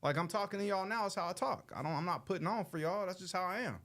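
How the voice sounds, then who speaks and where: A man's voice: high voice, fast talker, a bit bright. A man in his thirties from Los Angeles, hosting a show and telling a story in a loose, slangy way, acting out the people he quotes. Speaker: show host. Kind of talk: casual storytelling to an audience.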